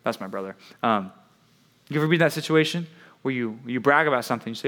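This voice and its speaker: A man's voice: mid-range voice, lively intonation, fast talker, a bit bright. A man preaching to young people in a conversational way, often asking "right?" and acting out the voices he quotes. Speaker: youth preacher.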